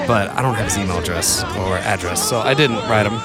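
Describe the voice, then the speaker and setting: A young man chatting casually as a podcast host, rambling between mumbled asides and excited outbursts. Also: lowish voice, fairly quick, few pauses, over loud music, a loud crowd. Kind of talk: casual solo chat.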